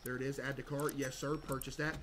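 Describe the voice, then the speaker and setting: A man's voice: level tone, fast, a bit bright. A man streaming a shop-management game, chatting playfully. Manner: playful, switches to a sugary high shopkeeper voice for customers. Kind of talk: gaming livestream commentary.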